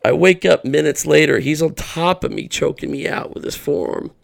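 A man's voice: on the high side, normal speed. A middle-aged man, a podcast guest, telling an earnest personal story and acting out what people said. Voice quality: gravelly.

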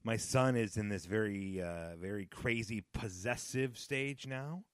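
A man in his thirties hosting a casual solo podcast, rambling and nostalgic with sudden loud high-pitched outbursts. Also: unhurried, smooth, no echo, studio quality. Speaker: podcast host.

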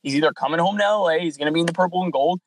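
A man co-hosting a casual sports podcast, telling stories in an animated way and acting out the dialogue. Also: fairly high pitch, rapid-fire, a little hiss or hum, rough recording. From California. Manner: animated storyteller, acts out dialogue. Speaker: podcast co-host.

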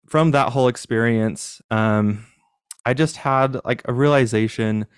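A man's voice: medium pitch, clean tone, dry recording, studio quality. A young man as an interview guest, telling his own story in a candid, self-deprecating, reflective way. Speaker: podcast guest.

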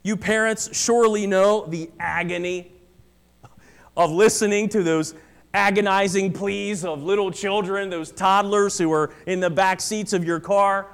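A man's voice: sits high, steady tone, measured pace, creaky, a bit bright, clear, resonant tone. A pastor preaching a sermon to his congregation, earnest and emphatic, repeating key phrases for weight. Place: church.

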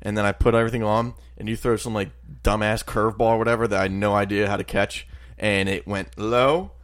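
Young male podcast co-host, animated storyteller, lowish voice. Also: brisk. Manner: animated storyteller, loud impressions, swears often. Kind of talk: casual chat.

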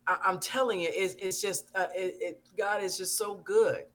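A man's voice: high-pitched, steady tone, moderate pace, fairly bright tone. A man hosting a talk show who talks fervently about faith and repeats phrases for emphasis. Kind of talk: preachy talk show chat.

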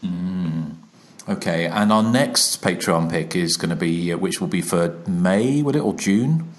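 A man's voice: low-pitched, measured pace. A man hosting a podcast in a casual, chatty way, hesitating with plenty of fillers. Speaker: podcast host.

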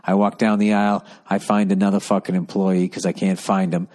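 A man with a deep, low voice rants through a solo podcast episode. He is profane and rambling, and sounds exasperated as he tells his stories. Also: little pitch movement, a little fast, a little mellow. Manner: storytelling with voiced asides. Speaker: podcast host.

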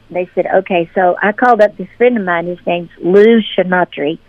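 A woman's voice: fairly low pitch, normal speed, few pauses, dry recording. A woman from Memphis, telling stories in a casual interview and acting out the voices of the people she quotes. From Memphis, Tennessee. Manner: animated, acts out quoted voices in her stories. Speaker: interview guest, singer-songwriter. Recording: dry tinny phone-line audio.

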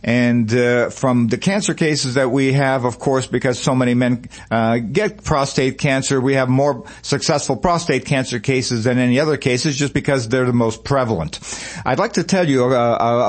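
A man's voice: mid-range voice, normal speed. A man hosting a promotional radio talk show, telling customer stories conversationally with frequent fillers. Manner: conversational storytelling with many fillers.

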